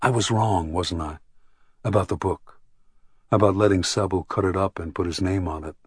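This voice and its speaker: A man's voice: low-pitched, moderate pace, husky, no room sound, clean studio sound. A man reading the part of a thoughtful young woman who speaks frankly and reflectively in an audiobook. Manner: earnest, reflective.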